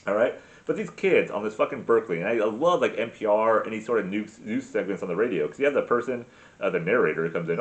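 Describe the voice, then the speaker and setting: Rambling, profane man with a lively voice. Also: on the low side, a little fast. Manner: crude, rambling, full of fillers and restarts. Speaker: comedy podcast host. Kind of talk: profane comic rant.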